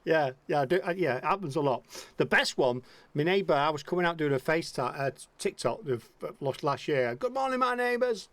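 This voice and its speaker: A man's voice: on the high side, a little fast, a bit bright, no room sound. A middle-aged man from the English Midlands hosting a radio interview, chatty and rambling, swearing freely. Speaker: radio host. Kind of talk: casual interview chat.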